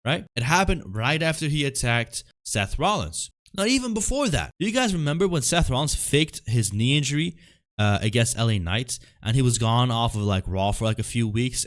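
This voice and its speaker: A man's voice: medium pitch, lively intonation, moderate pace. A man recapping a wrestling show in a casual, frustrated rant, full of fillers and rhetorical questions.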